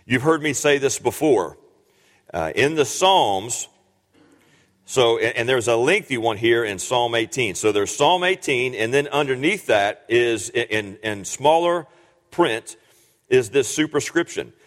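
A man's voice: mid-range voice, lively intonation, measured pace. Preaching man in an echoing hall. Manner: earnest, many fillers and restarts, rises to emphatic peaks. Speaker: pastor. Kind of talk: sermon with scripture reading. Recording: long hall reverb.

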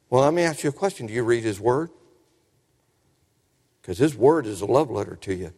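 A man's voice: medium pitch, moderate pace, darkish tone. A man preaching a sermon in a folksy, storytelling way, often asking the congregation questions. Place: church sanctuary. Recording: reverberant church hall.

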